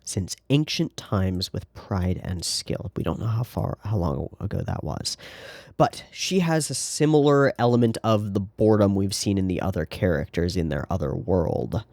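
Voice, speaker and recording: A man's voice: deep voice, lively intonation, normal speed, darkish tone, no echo, clean studio sound. A man hosting an anime reaction, talking through the episode in a casual, sarcastic way with rambling asides.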